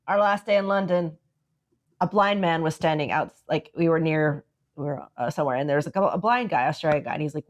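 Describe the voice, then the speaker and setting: A woman co-hosting a podcast, chatting casually and telling an animated story, acting out the dialogue and saying "like" often. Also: on the low side. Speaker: podcast co-host. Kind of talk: casual chat.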